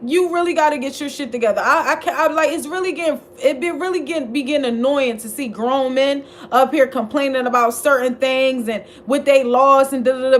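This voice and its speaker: Sassy high-voiced woman host. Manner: sassy, blunt and swearing, scolding the people she talks about; animated, jumps between mocking outbursts and quiet asides. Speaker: commentary channel host. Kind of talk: casual profane gossip commentary.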